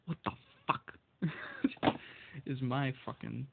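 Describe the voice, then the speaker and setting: A man's voice: mid-range voice, normal speed, narrow, tinny audio, very noisy. A man ranting angrily about video game prices, swearing constantly and stumbling over his words, his voice shaking with anger. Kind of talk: angry solo rant.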